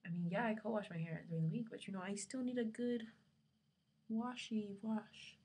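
A woman's voice: medium pitch, fast talker, darkish tone, husky. A young woman vlogging casually from her dorm room, rambling along with lots of fillers, her camera resting on her lap. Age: young adult.

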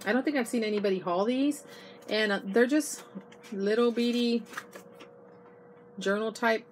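A middle-aged woman records a chatty haul video inside an RV, gushing over her finds and calling her viewers "you guys." She is losing her voice. The iPod recording carries clear background noise. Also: fairly high pitch, moderate pace. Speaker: vlogger. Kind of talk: casual haul video chat. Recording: noisy home video.

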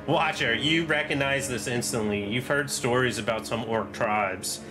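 Male game master, mid-pitched, casual narrating over faint music. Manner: casual, halting descriptions with fillers. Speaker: dungeon master.

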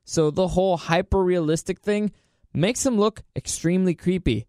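Guy ranting on his vlog, kinda high voice, dry close mic, gets all incredulous. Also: moderate pace, no echo. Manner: animated, incredulous, with crude outbursts. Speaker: vlogger. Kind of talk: casual opinion rant.

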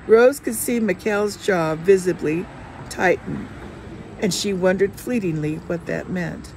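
Woman reader, novel narration, gravelly voice, steady pacing, faint background noise. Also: on the low side, a little slow. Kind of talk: novel read aloud.

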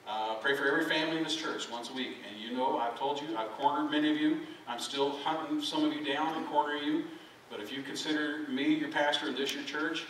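His voice is a little high and a bit bright. This middle-aged pastor gives a conversational, folksy sermon, poking fun at himself and trading jokes with the congregation, captured from far off in a very echoey church sanctuary with background noise.

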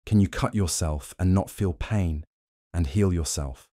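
A man's voice: deep voice, a little slow, dry recording, clean studio sound. A man reading an audiobook, voicing a proud, bitter android man who pleads and rails against his captors in a raised, strained voice. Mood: defiant. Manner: pleading, then shouting in anger.

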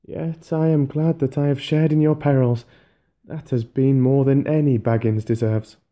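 A man voicing a small, kindly hobbit who has been hurt and shaken, speaking high and eager. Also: normal speed, dark tone, lightly acted. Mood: sorrowful.

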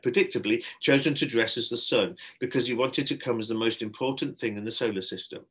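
A man, a primary school teacher, reading a children's book aloud with expressive narration. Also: mid-range voice, breathy edge.

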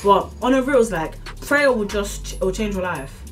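A woman's voice: mid-range voice, animated, normal speed, distant mic, faint music behind. A young woman, ranting casually to camera with lots of fillers and earnest, preachy encouragement. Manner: rambling, repeats itself, many fillers like "like" and "as in". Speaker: vlogger.

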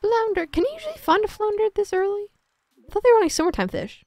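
A woman's voice: extremely high pitch, big pitch swings, fast, darkish tone, no echo. A woman streaming a farming game, chatting casually and self-mockingly with her viewers. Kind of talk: casual gameplay commentary.

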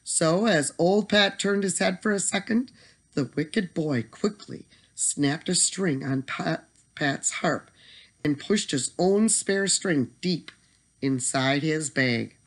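Casting: a mid-pitched, expressive bedtime story reader. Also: slow.

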